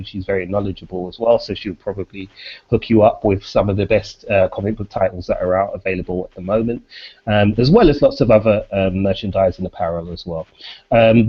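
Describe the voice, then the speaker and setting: A man co-hosting a casual podcast, signing off in a relaxed, rambling way full of fillers. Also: on the low side, husky. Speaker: podcast co-host. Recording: dull lo-fi audio.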